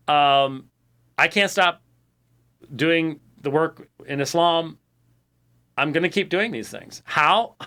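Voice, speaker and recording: A man's voice: fairly high pitch, pushed and bright. An American man hosting a ministry program, talking casually and rambling to his audience with frequent fillers and restarts. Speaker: ministry show host. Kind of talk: casual monologue to a show audience.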